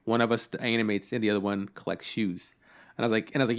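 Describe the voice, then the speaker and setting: A man's voice: fairly low pitch, steady tone, fast talker. A young adult man co-hosting a podcast in casual chat, telling stories animatedly, acting out both sides of conversations and swearing casually. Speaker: podcast co-host.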